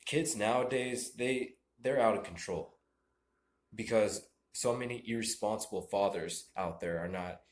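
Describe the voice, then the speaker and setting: A young American man rants about fathers and respect, preachy and rambling, tripping over his words. His voice sits low. The recording is echoey, like a bare room. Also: slight background noise. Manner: rambling, repeats and restarts, preachy. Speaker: vlogger. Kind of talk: ranting monologue.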